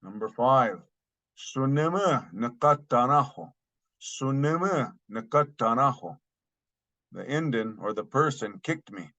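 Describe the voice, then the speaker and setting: A man's voice: medium pitch, expressive, takes it slowly, sharp tone. A man teaching a language lesson, saying each phrase twice and then translating it. He speaks with a Northern Paiute accent. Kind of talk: slow recorded language lesson.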